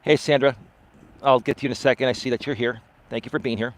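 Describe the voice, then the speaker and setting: A man, a life coach, chatting live with viewers while out on a walk, swinging his pitch up and down and often asking "right?". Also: steady tone, quick pace. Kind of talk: live-stream chat answering viewer comments. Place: outdoors on a walk.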